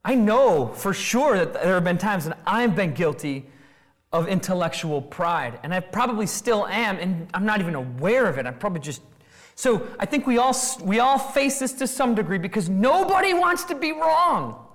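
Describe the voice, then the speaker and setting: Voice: mid-range voice, moderate pace. A preacher giving an expository sermon, firing off rhetorical questions and acting out quoted voices. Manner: animated, acts out quoted voices.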